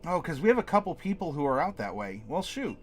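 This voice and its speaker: A man's voice: a little high, very animated, fast, slight background noise. A man hosting a live stream from his home desk, chatting casually with viewers and answering the chat aloud in a rambling way. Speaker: streamer host.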